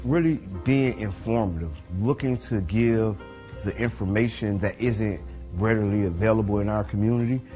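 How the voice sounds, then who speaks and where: A man with a low, mellow voice explains his show's aims in calm, measured sentences. Light music plays beneath. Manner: measured, informative. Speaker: radio show co-host. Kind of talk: interview talk.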